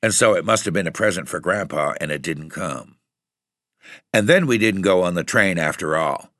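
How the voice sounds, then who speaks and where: A man reading a story aloud in steady, even narration. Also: low-pitched, normal speed, no echo, studio quality. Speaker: audiobook reader. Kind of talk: scripted narration.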